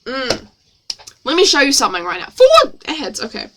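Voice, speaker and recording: A woman's voice: sits high, big pitch swings, fairly quick, very noisy. A woman reading her own novel aloud as a streamer, with playful, self-mocking asides.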